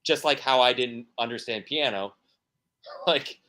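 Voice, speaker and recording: A man's voice: medium pitch, slow, pushed and bright. A man, a musician guest on a podcast, talking casually and rambling through stories with many restarts and fillers.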